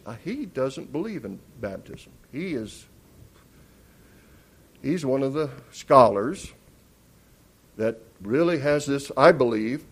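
A man's voice: medium pitch, breathy edge. A man preaching a sermon, emphatic and teacherly, asking questions and answering them. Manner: emphatic, rising loud on key words.

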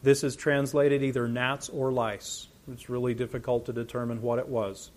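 A man preaching a sermon, animated and full of rhetorical questions, swinging between loud emphasis and quiet asides. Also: medium pitch, normal speed.

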